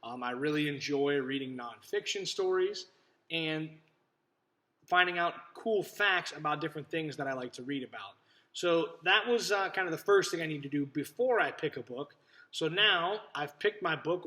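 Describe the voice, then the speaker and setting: Man teaching kids on camera, clear friendly voice, slightly high pitch, indoors. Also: moderate pace, pushed and bright, rough recording. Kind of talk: classroom video lesson for children. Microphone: camera in front of him.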